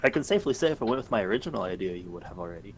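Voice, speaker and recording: A man narrating a tabletop game as game master, calmly describing the action and explaining the rules over voice chat. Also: lowish voice, rapid-fire, slightly rough.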